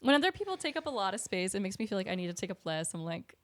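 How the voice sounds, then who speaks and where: A woman's voice: mid-range voice, sing-song, very fast, a bit bright, dry recording. A woman co-hosting a podcast in casual chat, talking. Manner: chatty, with many fillers and giggles. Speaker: podcast co-host.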